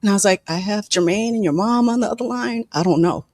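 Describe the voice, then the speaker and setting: A film director and producer telling personal stories in a candid, profane way in an interview, acting out quoted people with sudden jumps in pitch. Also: fast talker, darkish tone, no echo.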